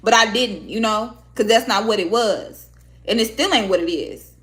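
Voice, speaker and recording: A woman's voice: on the high side, moderate pace, a bit bright. A woman vlogger chatting candidly with viewers, blunt and heavy on profanity, talking emotionally about herself. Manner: emotional, heartfelt. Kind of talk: casual candid chat to viewers.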